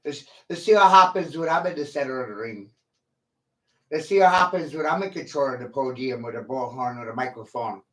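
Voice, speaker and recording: A man ranting on a livestream, profane, combative and boastful, with long pauses between his lines. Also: mid-range voice, bright, forceful tone. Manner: slow, drawn-out delivery with long pauses. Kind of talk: livestream rant.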